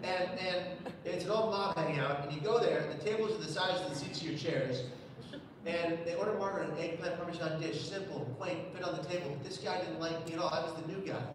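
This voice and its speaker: Animated man telling a story in a hall. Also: on the high side, quick pace, noisy background. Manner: animated comic storytelling, acts out quoted voices. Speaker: public speaker. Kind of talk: live storytelling keynote. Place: large hall. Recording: distant echoey hall recording.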